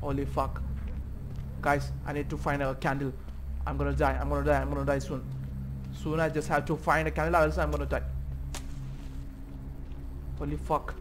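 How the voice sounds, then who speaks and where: A man's voice: on the high side, level tone, moderate pace, long pauses, noisy background. A man giving let's-play commentary on a horror game, swearing constantly and rambling nervously in a panic. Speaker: gaming YouTuber.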